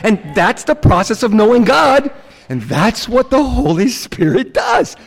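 Man, pastor, high voice, casual animated sermon, long hall reverb. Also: measured pace, gravelly.

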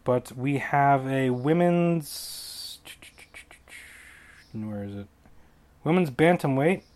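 A man's voice: mid-range voice, drawn-out words, darkish tone. Rambling, jokey male podcast host. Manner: rambling, jokey, self-correcting. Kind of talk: casual solo fight predictions.

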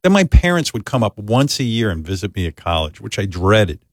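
A man hosting a talk show, telling a self-deprecating comic story in animated casual chat and jumping into quoted voices. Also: fairly low pitch, a little fast, no echo, studio quality. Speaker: host.

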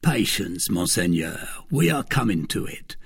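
A man voicing a timid, trembling male innkeeper in a storybook reading, speaking slowly and pleadingly. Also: sits low, very animated, vocal fry, slightly rough, exaggerated voice. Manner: slow, pleading, deferential.

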